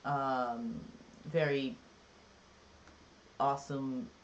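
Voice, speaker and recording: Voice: medium pitch, fairly even intonation, extremely slow, lo-fi sound, a little hiss or hum. A live-streamer in casual chat, rambling and jokey, with lots of filler words. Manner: rambling and chatty, many "like"s and "um"s. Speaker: livestreamer.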